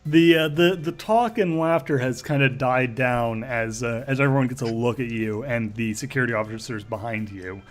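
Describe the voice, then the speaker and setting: A man's voice: medium pitch, normal speed, few pauses, soft background music. Rambling man running a tabletop game. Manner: rambling with many fillers. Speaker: game master. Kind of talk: narrating a tabletop role-play.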